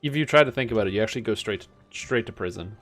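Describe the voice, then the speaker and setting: A man's voice: on the low side, expressive, racing, fairly bright tone, soft background music. A young Canadian man streaming a game, with a Canadian accent, rambling and joking in casual, self-mocking commentary.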